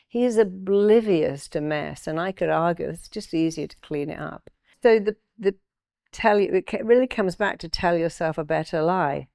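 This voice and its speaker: Gravelly older woman telling anecdotes. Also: on the low side, brisk, no room sound, clean studio sound. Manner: animated, acts out quoted voices. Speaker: therapist and author. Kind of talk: interview guest, storytelling.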